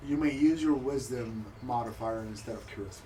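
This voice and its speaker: A man narrating as game master, telling the scene in an animated, profane way. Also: mid-range voice, fairly quick. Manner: animated, profane storytelling with frequent laughter. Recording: distant mic with background noise.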